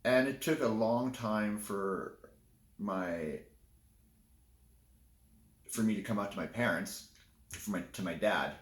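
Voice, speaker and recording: A man's voice: fairly low pitch, slow pace, pauses often, roomy sound. A man telling a candid personal story in a casual, rambling way, often restarting his sentences. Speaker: vlogger.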